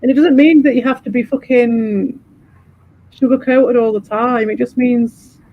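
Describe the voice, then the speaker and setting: Male streamer, high voice, sweary rambling chat, muffled lo-fi audio. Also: unhurried. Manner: swears freely, rambling and animated. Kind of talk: casual chat.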